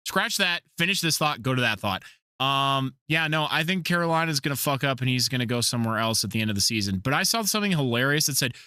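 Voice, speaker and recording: Swearing, rambling man with a bright voice. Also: medium pitch, expressive, quick pace, clean tone, no echo, clean studio sound. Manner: profane, rambling storyteller. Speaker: podcast host. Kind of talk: casual podcast chat.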